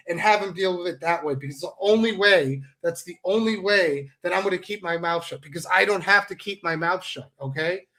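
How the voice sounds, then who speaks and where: A man's voice: sits high, fairly bright tone. A male pro wrestler in a heated, sarcastic, profane rant straight to the camera. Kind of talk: angry direct-to-camera rant.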